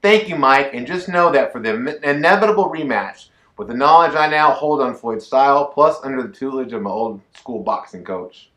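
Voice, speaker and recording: A man putting on a loud, boastful Scottish fighter, shouting his lines high and strained. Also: expressive, a little fast, few pauses, roomy sound. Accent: put-on Scottish.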